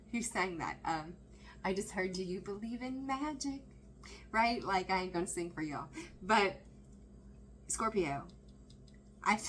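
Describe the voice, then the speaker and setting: A woman giving a casual, excitable tarot reading, chatting and laughing as she breaks off mid-sentence. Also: on the low side, slight background noise, low-quality recording. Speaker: tarot reader.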